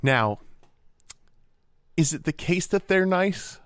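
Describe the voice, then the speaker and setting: Podcast co-host, male, average pitch, wry and needling, recorded dry. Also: takes it slowly, clean tone, dry recording. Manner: teasing, wry, deadpan needling. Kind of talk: casual comedic chat.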